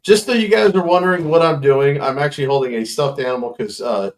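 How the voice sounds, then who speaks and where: A man's voice: on the high side, quick pace. A man casually chatting as a stream host, commenting and joking about a video. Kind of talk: casual chat.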